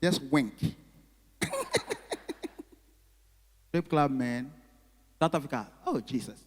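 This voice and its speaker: A male stand-up comedian, telling stories and chatting with the audience in an animated way. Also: medium pitch, slow pace. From Ghana. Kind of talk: stand-up comedy with crowd work. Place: live comedy venue. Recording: long hall reverb.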